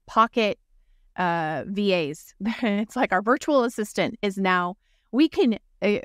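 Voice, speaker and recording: A woman co-hosts a casual podcast, her voice smooth and resonant. She talks in an animated way and slips into other voices when she quotes someone. The sound is dry and close. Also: mid-range voice, slow, dry recording. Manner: animated, acts out quoted remarks in a changed voice. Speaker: podcast co-host. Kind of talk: casual conversational podcast chat.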